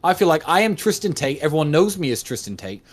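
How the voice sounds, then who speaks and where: A man's voice: fairly high pitch, big pitch swings, fast. A man in his thirties talking bluntly and emphatically, with frequent swearing, as a guest in a casual conversation. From United States. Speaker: livestream guest.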